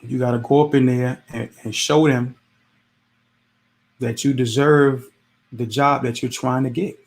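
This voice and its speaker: Gravelly man giving casual advice. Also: mid-range voice, fairly even intonation, unhurried. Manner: conversational, repetitive, preachy with rhetorical questions. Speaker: podcast host. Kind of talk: casual motivational monologue.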